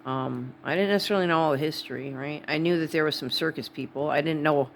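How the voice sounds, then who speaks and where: A woman's voice: low voice, fast, vocal fry, a little hiss or hum. A woman from Wisconsin with a Wisconsin accent, talking to camera in a rambling, digressive vlog. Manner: rambling, digressive, full of asides. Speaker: vlogger. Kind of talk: casual rambling monologue.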